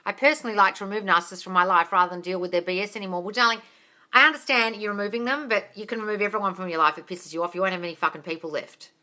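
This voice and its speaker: A woman's voice: mid-range voice, very fast. An Australian woman coaching viewers on a casual live stream, reading out their questions and answering bluntly, swearing freely and calling them darling. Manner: reads out viewer comments in a lively voice.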